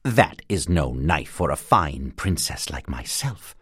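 A man voicing a vain, fussy female magpie who thinks herself a princess, talking in a scornful, squeaky way. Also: big pitch swings, slow pace, breathy edge, dry recording, clean studio sound, full character voice. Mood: haughty.

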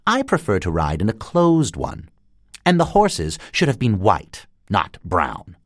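A man voicing a vain, fussy female magpie who thinks herself a princess, talking in a scornful, squeaky way. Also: huge pitch swings, a little slow, no echo, clean studio sound, heavily acted. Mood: haughty.

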